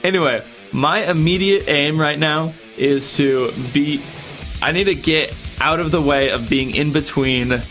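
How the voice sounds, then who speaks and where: A man's voice: fairly high pitch, measured pace, fairly bright tone, faint music behind. A man playing a tabletop game, talking casually and eagerly with the group. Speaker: player.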